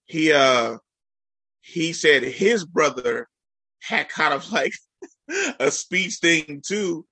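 A man chats casually, piling up fillers as he rambles through his story. His voice is bright and a little nasal, with a congested edge. The room is dry and close. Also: on the high side, lively intonation, very slow, slightly rough, dry recording. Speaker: educator. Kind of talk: casual podcast chat.

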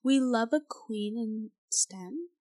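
A teenage girl chatting on a podcast with a slightly high voice, bubbly and teasing. She breaks into laughter often and keeps the talk loose and playful. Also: slow pace, darkish tone. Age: teens. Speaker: podcast co-host. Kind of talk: casual chat.

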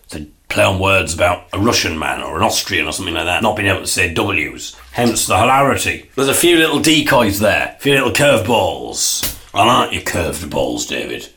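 A man hosting a comedy podcast, delivering a deadpan, self-important comic monologue while sitting in the bath. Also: low-pitched, a little fast, a little hiss or hum. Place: bathroom, in the bath.

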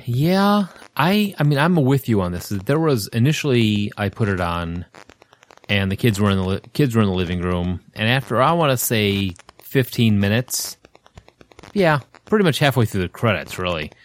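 A man's voice: on the low side, expressive, moderate pace. A middle-aged man hosting a casual podcast chat, reading film trivia aloud with a chatty, self-deprecating manner. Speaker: podcast host.

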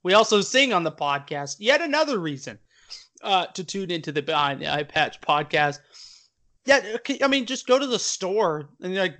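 A man co-hosting a casual podcast, joking and riffing with an animated delivery. His voice sits high for a man. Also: moderate pace. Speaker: podcast co-host. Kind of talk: casual chat.

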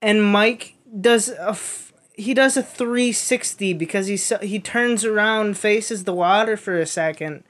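A woman's voice: mid-range voice, a little slow. A woman casually telling a funny story on a podcast, swearing and laughing along the way.

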